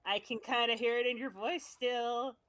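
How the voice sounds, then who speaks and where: A woman player at a tabletop game, chatting casually with quick asides and laughs. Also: a little high, steady tone, a bit bright.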